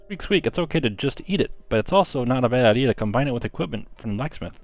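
A man voicing a friendly, polite little hedgehog in a game, ending his lines with a squeak. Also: expressive, fast talker, soft background music, natural voice. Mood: chirpy.

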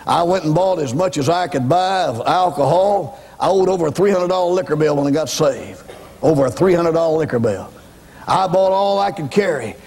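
A man's voice: a little high, brisk, creaky, a little mellow, breathy edge, in a large hall. A man preaching his testimony as an evangelist, telling his story dramatically and speaking straight to the congregation. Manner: dramatic storytelling, acts out voices; emphatic, addresses congregation directly. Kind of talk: sermon testimony.

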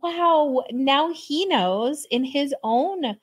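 A woman's voice: sits high, animated, extremely slow. A woman podcast host chatting with a guest, with hesitant restarts and frequent laughter. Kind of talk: casual interview chat.

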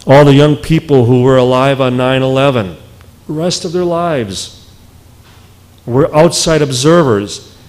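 A man speaking as a researcher in a public lecture, emphatic, with deliberate pauses. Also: mid-range voice, darkish tone, rough recording.

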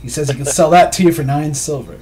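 A man's voice: on the high side, fast talker, a little mellow. A man narrating a tabletop game as game master in a loose, chatty, laughing way.

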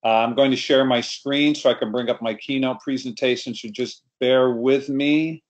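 A man's voice: medium pitch, steady tone, moderate pace. A middle-aged storyteller tells a family tale in an easy, anecdotal way. He speaks to a group over a video call, as he would to a live audience. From New York.

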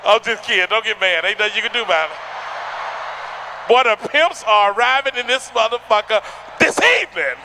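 A man doing a stand-up comedy routine on a theater stage, loud and rowdy, shouting punchlines at the crowd. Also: high voice, fairly quick, noisy background.

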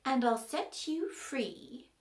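A woman's voice: fairly high pitch, big pitch swings, a little slow, sharp tone, echoey room, full character voice. A woman voicing a smug, scheming female witch in a storybook reading, with a drawling manner.

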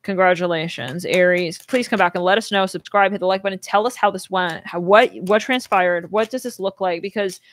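A woman's voice: medium pitch, brisk, few pauses. A woman doing a casual tarot reading for viewers, talking in a rambling way full of fillers and restarts. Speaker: tarot reader.

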